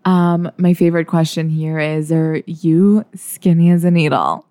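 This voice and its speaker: A woman's voice: deep voice, measured pace, warm tone, dry recording, clean studio sound. Teasing woman co-host reading questions. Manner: teasing, reads listener questions. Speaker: podcast co-host. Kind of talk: casual podcast chat.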